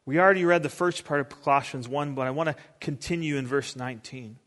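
A man's voice: fairly high pitch, fast talker, few pauses, fairly bright tone. Rambling man preaching in a reverberant hall. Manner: rambling and conversational, acts out little scenes. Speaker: pastor. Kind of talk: casual sermon.

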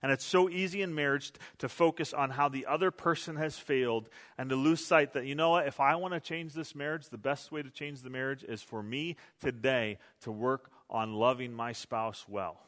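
A man's voice: medium pitch, fairly even intonation, moderate pace, hardly any pauses, fairly bright tone, long reverb tail. A male pastor preaching a sermon in a conversational, self-deprecating storytelling way, recorded in a church sanctuary.

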